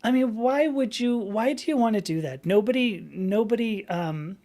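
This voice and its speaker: A woman's voice: a little high, moderate pace, dark tone. Chatty rambling woman in her fifties. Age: 50s. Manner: rambling, chatty, laughs often, many restarts. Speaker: livestream host. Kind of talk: casual live-stream chat.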